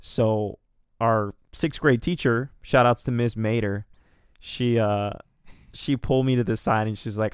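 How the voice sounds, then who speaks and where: A man's voice: lowish voice, fairly even intonation, moderate pace, clean tone, dry recording, studio quality. A young man casually telling a rambling, profane, self-deprecating story as a podcast co-host.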